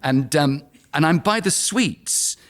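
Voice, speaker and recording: Lively London man in his fifties. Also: on the high side, takes it slowly. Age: 50s. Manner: chatty storyteller, laughs through his anecdotes. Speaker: actor and guest. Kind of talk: casual anecdotal chat.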